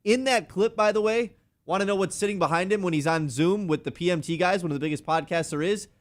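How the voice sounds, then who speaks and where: Radio guy, kinda high voice, sarcastic, jokey banter. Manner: animated, sarcastic, quick to mock with put-on quotes. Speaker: radio show co-host.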